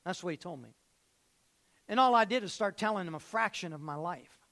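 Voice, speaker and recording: A man preaching a sermon as pastor, telling stories and repeating phrases, swinging between loud and hushed. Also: high voice, lively intonation, brisk.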